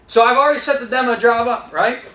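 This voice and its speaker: A man's voice: extremely high pitch, fast talker, roomy sound. A man teaching salespeople, talking energetically to trainees and acting out what he says to customers. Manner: energetic, talks straight to trainees, role-plays customer lines. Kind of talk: instructional talk with acted-out dialogue.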